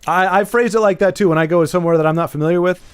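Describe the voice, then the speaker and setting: A man with a slightly high voice chats loosely while he streams a card game. He rambles, jokes at his own expense and answers his viewers, and the sound is dry and close. Soft game music plays faintly behind him. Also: rapid-fire, smooth, dry recording. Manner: rambling, playful, self-deprecating, answers chat. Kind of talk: casual live-stream chat.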